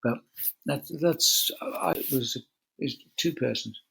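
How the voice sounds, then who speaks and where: An older man with a husky, slightly breathy voice tells a story at an easy, chatty pace. He acts out the lines he quotes, speaking into a video call. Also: medium pitch, slow, sharp tone, low-quality recording. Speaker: guest, cycling commentator. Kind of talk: relaxed anecdotal storytelling.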